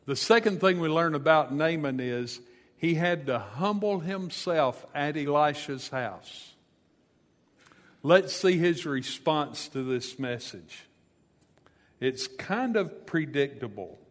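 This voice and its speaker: A man's voice: on the high side, expressive, slow pace, big-room sound. A man preaching a sermon, retelling a scripture story in a conversational way with casual asides. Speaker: pastor.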